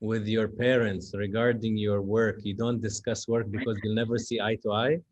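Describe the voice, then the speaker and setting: A male interview host with a lowish voice speaks in a gentle, reflective way and often adds "you know". His sound is slightly dull and muffled, lacking crispness in the highs. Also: little pitch movement, moderate pace.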